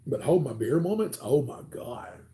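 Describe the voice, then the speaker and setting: Southern man, 40s, livestream host; chatty, rambling storyteller, mellow tone. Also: medium pitch, sing-song, normal speed. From Alabama, US. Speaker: channel host.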